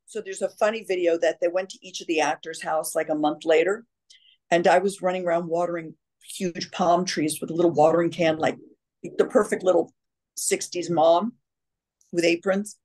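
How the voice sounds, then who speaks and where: A woman's voice: fairly low pitch, moderate pace. A woman, an actress, chatting as an interview guest and telling stories animatedly, sometimes slipping into little voices. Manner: animated storyteller, slips into voices. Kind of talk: casual chat.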